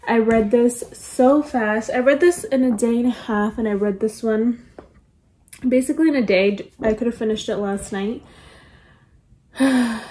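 A woman's voice: fairly high pitch, warm tone, poor audio. A woman chatting casually as she reviews books on her vlog, gushing and full of "like" fillers. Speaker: book vlogger. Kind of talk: casual book review chat.

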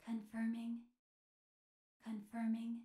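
A woman voicing a cold, emotionless cyborg girl who speaks in a flat robotic monotone. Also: fairly high pitch, takes it slowly, over loud music. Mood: clinical.

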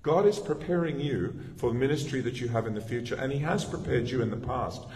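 A man's voice: mid-range voice, a little fast, a little mellow. A middle-aged male pastor giving a sermon in a conversational, storytelling way, often restarting his sentences. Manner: conversational, anecdotal preaching with frequent restarts. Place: church. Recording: long reverb of a church hall.

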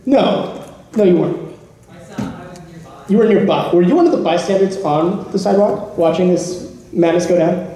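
A high-pitched, mellow-toned man tells a wild anecdote at a convention panel, laughing between lines. His voice rings out in a big, echoey hall through a panel mic. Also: moderate pace, long pauses. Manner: animated, laughing storyteller. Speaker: podcast panelist.

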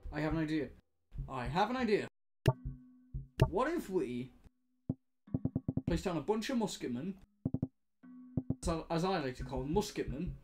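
A young man giving excitable, casual commentary while playing a video game, often laughing and swearing. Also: fairly high pitch. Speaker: gaming commentator. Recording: music playing behind.

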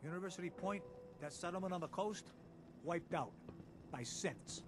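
Streetwise Brooklyn townsfolk. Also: male voice, high voice, normal speed, husky. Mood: gossipy. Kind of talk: video game voice acting.

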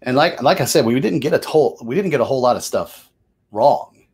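A man talks through board game rules in a relaxed, chatty way, mid-pitched, often stopping to correct himself. He wanders between the rules and small talk. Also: a little fast, husky. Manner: chatty and loose, lots of fillers and self-corrections. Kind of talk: casual rules walkthrough.

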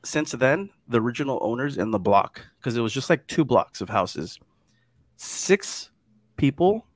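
Male guest, casual storyteller, lively then hushed, dry mic sound. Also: medium pitch, a little slow, no echo. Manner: animated, drops to hushed tones at scary parts. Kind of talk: casual chat, telling a ghost story.

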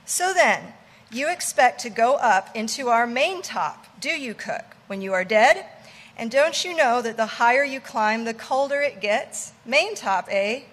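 A woman voicing a brash male ship's mate who teases and commands loudly. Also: on the high side, expressive, a little slow, big-room sound. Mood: bossy teasing. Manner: loud, teasing, commanding.

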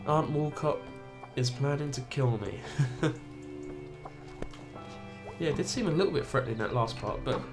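A man's voice: mid-range voice, expressive, moderate pace, long pauses. A young man chatting casually as he plays a game and laughs at himself. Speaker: let's play host. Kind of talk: casual gameplay commentary. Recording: game music behind.

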